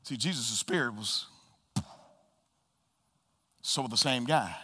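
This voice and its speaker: Man, pastor preaching, bright high voice, repeats phrases, soft-to-loud swings, long hall reverb. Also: takes it slowly, slightly rough. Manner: repeats key phrases for emphasis. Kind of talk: sermon. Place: church sanctuary.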